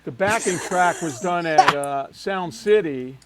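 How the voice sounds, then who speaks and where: A man, a guest drummer, haltingly recalling a recording session in casual chat. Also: a little high, very noisy.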